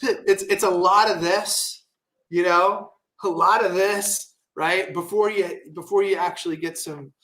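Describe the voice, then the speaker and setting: A man with a fairly high voice tells stories as a podcast guest. His delivery is animated and profane, full of "like" and "right?" asides. His tone has a bright, forceful edge. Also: measured pace. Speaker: guest entrepreneur. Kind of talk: casual storytelling interview.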